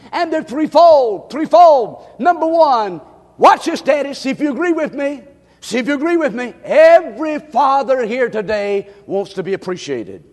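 A man preaching a sermon as pastor, repeating his points and swinging from shouts to hushed tones. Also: extremely high pitch. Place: church sanctuary. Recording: long hall reverb.

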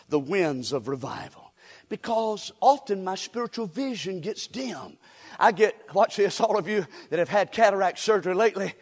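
A man preaching a revival sermon, folksy and direct with the congregation, dropping to quiet asides and rising to shouted exhortation. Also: high-pitched, vocal fry, slightly rough. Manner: folksy, addresses crowd directly. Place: church sanctuary. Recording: long hall reverb.

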